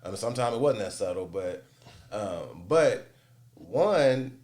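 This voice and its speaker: Slow, reflective low-voiced man. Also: very animated, darkish tone. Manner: deliberately slow, reflective, many "you know"s. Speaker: guest, student mentor and advisor. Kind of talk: casual conversation.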